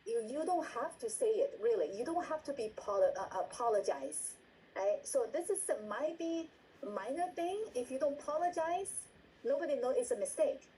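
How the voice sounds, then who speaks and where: Trainer: woman, dark-toned and repetitive, acts out examples, video-call sound with faint hiss. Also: sits high, animated, normal speed, low-quality recording. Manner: repeats words, asks "right?" often, acts out example lines. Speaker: meeting trainer. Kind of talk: instructional talk on a video call.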